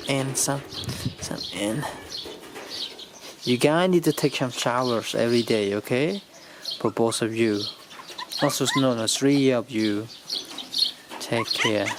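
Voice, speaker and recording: Woman, low-pitched, unhurried, coaxing puppies in swooping sing-song baby talk, noisy recording. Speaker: dog caretaker filming her puppies. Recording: noisy background hiss.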